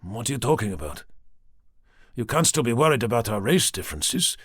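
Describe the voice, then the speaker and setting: A man's voice: mid-range voice, very animated, a little fast, slightly rough, dry recording, studio quality. A man reading an audiobook voices a passionate, stubborn police inspector who speaks urgently. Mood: urgent, heated.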